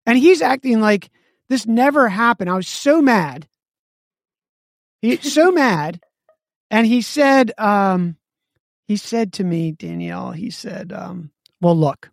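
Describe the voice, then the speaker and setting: A man's voice: sits high, unhurried, gravelly, no echo, studio quality. A man co-hosting a business podcast, telling stories animatedly and acting out both sides of conversations. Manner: animated storyteller, acts out both sides of dialogue. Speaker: podcast co-host.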